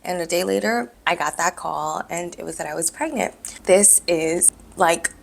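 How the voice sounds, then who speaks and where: A woman vlogger telling a personal story candidly, in an animated way. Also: lowish voice, normal speed, vocal fry. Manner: candid, animated, acts out dialogue.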